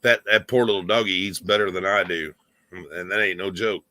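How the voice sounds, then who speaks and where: A man's voice: low-pitched, steady tone, normal speed, sharp tone, dry recording. A man co-hosting a live stream, joking with viewers and laughing often as he reads the chat aloud. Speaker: livestream co-host.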